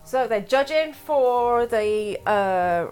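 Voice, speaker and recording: English lady streaming from home, kinda high voice, rambles and answers chat. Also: lively intonation, extremely slow, a little mellow, smooth, soft background music. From England. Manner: chatty, rambling, reads chat aloud. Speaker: live streamer. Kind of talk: casual live-stream chat.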